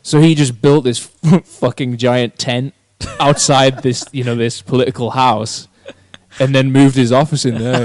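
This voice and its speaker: A man's voice: medium pitch, steady tone, measured pace, a crowd in the background. A man, a band member on a podcast, chatting casually with lots of fillers and the odd swear word.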